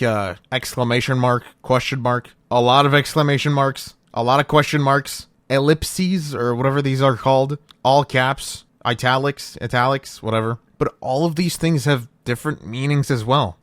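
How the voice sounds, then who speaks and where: A man hosting a casual explainer vlog, with a voice at an average pitch for a man. He keeps a joking, playful tone, throws in mock-dramatic asides and swears freely. The recording is dry and close, with no room echo. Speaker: video essay host.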